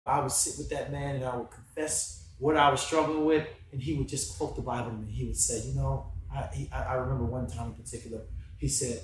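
A man talking casually about faith in slangy speech, dropping into hushed reflection and then rising into excited preaching. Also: medium pitch, brisk. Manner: casual slang, calls listener bro. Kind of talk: casual faith podcast chat. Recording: echoey room, distant from mic, faint background noise.

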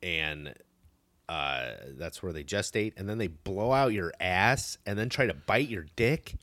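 Deep-voiced man in wry podcast banter. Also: lively intonation, unhurried, a bit bright, dry recording, clean studio sound. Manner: wry, agreeable, swears casually. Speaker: podcast co-host. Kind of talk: casual movie recap chat.

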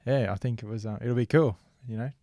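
Laid-back Australian podcast co-host. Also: male voice, mid-range voice, brisk, warm tone, no echo, clean studio sound. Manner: laid-back, chipping in with quips. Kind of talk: casual chat.

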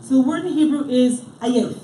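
A woman teaches a group study class, her voice a touch high and drawing out key words for emphasis. The room is echoey, with a faint hiss of background noise behind her. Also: normal speed, warm tone. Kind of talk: leading a text study class.

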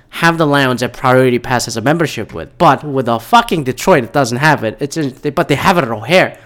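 A man talking alone in a casual monologue, rambling off on tangents and swearing freely as he rants. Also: medium pitch. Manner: rambling, profane, goes off on tangents.

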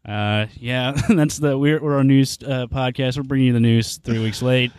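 A man's voice: mid-range voice, fairly even intonation, normal speed, darkish tone, clear, resonant tone, dry recording. Laid-back man chatting on a podcast. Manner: laid-back, rambling, laughs often. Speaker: podcast host. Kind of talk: casual podcast chat.

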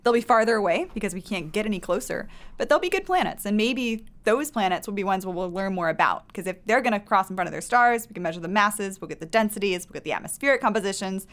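Calm woman astronomer explaining clearly. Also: mid-range voice, fast. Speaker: guest astronomer, postdoc. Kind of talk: explaining science in conversation.

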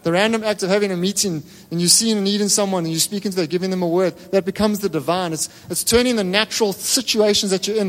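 A man preaching a sermon as pastor, with emphatic repetition and sudden swings between loud and soft delivery. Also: high-pitched. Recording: long hall reverb.

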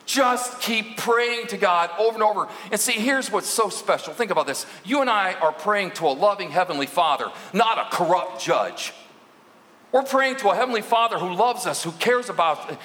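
Male minister, high, bright voice, earnest sermon, long hall reverb. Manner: earnest, rising to emphatic preaching. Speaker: lead minister.

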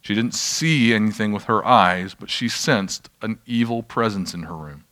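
Male pastor, lowish voice, chatty self-deprecating teaching to a room of people. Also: moderate pace, sharp tone. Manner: conversational, self-deprecating, checks in with the audience. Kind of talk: informal sermon teaching. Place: church room with an audience.

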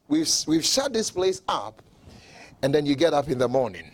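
A man preaching a sermon who acts out mocking onlookers and builds up to fervent shouting. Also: fairly high pitch, expressive, moderate pace.

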